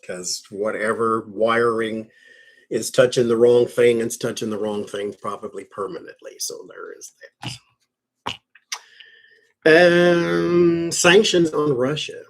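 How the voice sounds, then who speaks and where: A man reading tarot cards on a live stream, talking in a slow, conversational way with fussing asides. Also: medium pitch, steady tone, creaky. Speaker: tarot reader.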